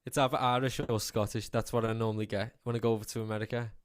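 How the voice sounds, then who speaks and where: A young Scouse-accented man from Liverpool, England, guests as a singer on a radio interview, chatting easygoingly and rambling with fillers. His lowish voice is smooth and flat, and he talks very fast.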